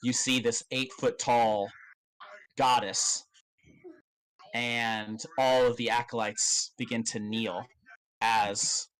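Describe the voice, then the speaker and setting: A man narrating as game master of a tabletop game, in a loose, halting way with many fillers and casual swearing. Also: medium pitch, flat delivery, fairly bright tone, low-quality recording.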